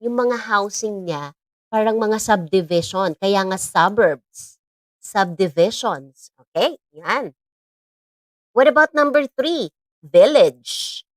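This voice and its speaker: A woman's voice: medium pitch, animated, takes it slowly, no room sound. A woman with a Filipino accent teaching a live online English lesson, encouraging and patient, mixing English with Tagalog.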